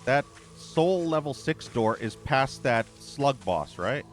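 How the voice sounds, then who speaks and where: A man's voice: medium pitch, expressive, takes it slowly, faint music behind. A man streaming a video game, complaining and cursing as he plays. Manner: irritated, cursing, ranting. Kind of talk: gameplay commentary.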